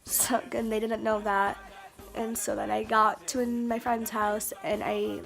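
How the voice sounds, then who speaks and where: A woman's voice: on the high side, little pitch movement, measured pace, gravelly, a bit bright, soft background music. A woman telling a story to her camera in a casual vlog, chatty and stammering, with lots of fillers and restarts. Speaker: vlogger. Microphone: camera mic.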